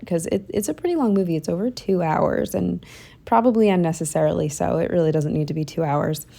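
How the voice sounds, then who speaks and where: A young woman talks casually over her planner pages, drifting off on tangents with plenty of ums and likes. Her voice sits on the low side for a woman and keeps sliding into a gravelly fry. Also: dark tone. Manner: chatty, rambling with many ums and likes. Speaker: planner vlogger.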